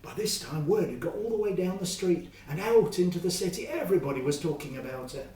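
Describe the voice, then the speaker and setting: A man telling a Bible story to children in a lively, expressive way. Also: sits high, fairly quick, roomy sound, distant mic, a little hiss or hum, low-quality recording.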